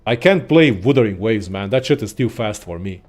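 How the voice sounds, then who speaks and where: A young man casually ranting about games in a profane, excitable, rambling way as a content creator. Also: fairly low pitch, fairly quick, soft background music. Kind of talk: casual gaming rant.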